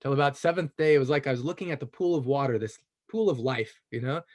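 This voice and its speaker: A man, around his thirties or forties, sharing a personal story in an animated, enthusiastic way, laughing often and filling pauses with "you know.". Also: medium pitch. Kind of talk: casual testimonial storytelling.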